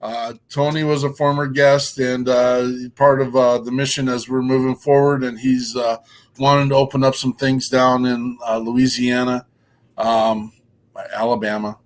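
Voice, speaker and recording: A man's voice: mid-range voice, little pitch movement, measured pace. A man hosting a casual show, enthusiastic and rambling, with many ums and uhs. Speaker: podcast host.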